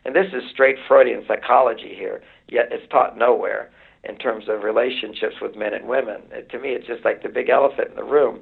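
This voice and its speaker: A man's voice: mid-range voice, fairly even intonation, a little fast, vocal fry, husky. A man in his sixties, a relationship author speaking as a radio guest, lecturing emphatically and building his points through repetition, heard over a phone line. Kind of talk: explaining advice on a radio show.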